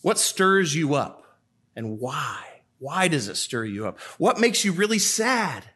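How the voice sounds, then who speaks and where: A man's voice: on the high side, very animated, slow, sharp tone, slightly rough. A man, a priest, preaching a sermon in a church, asking rhetorical questions and repeating them for emphasis.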